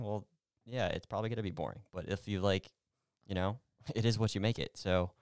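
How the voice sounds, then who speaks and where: A man's voice: fairly low pitch, a little fast, smooth, dry recording, clean studio sound. A man in a casual couple chat, laid-back and hesitant, with lots of fillers. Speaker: podcast co-host.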